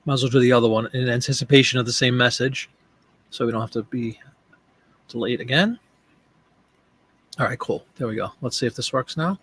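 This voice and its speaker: A man's voice: mid-range voice, brisk, long pauses, a bit bright, slight background noise. Chatty man hosting a live stream. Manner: chatty, thinks aloud while working, addresses viewers by name. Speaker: live-stream host and online seller. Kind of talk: casual live-stream chat.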